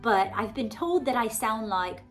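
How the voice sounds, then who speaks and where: Over soft background music, this forties-aged author and vlogger delivers a loose, casual monologue to her audience, sounding very animated yet unhurried. Her pitch sits on the high side with a fairly bright tone, and her Southern American speech wears an affected British RP veneer as she gushes along, full of fillers.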